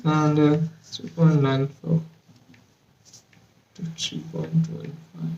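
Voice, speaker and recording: A man's voice: fairly high pitch, little pitch movement, slow pace, gravelly, mellow, muffled recording. A young man working alone at a bench, muttering measurements and swearing in frustration as he goes. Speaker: hobbyist lab vlogger. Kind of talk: casual working commentary. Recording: echoey room, distant mic.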